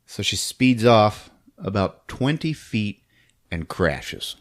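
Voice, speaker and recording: A man hosting a podcast, casually recapping a film scene by scene, laughing often and acting out the characters' lines in squeaky voices. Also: sing-song, slow pace. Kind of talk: casual movie recap chat.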